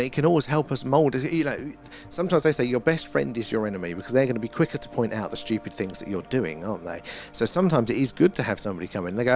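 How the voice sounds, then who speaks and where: Gravelly middle-aged man hosting a stream. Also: mid-range voice. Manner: chatty and rambling, laughs often, trails off with fillers. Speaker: live stream host. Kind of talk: casual live stream chat, reading viewer comments.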